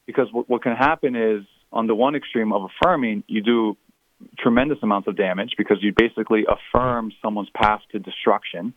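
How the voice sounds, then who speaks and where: A man who is a pastor and author, speaking as an interview guest and explaining his views in an earnest, measured way. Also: fairly low pitch, dry recording. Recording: tinny phone-line sound.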